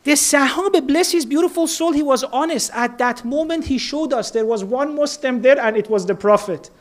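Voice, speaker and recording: A woman's voice: high-pitched, moderate pace. A woman giving an earnest, story-driven religious talk, building each account step by step and dropping in Persian and Arabic words. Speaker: religious speaker.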